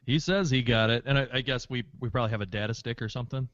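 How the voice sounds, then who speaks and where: A man's voice: medium pitch, rapid-fire, a bit bright, no echo, lo-fi sound. A man speaking as his character in a tabletop role-playing game, casual and joking, with a little swagger. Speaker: player.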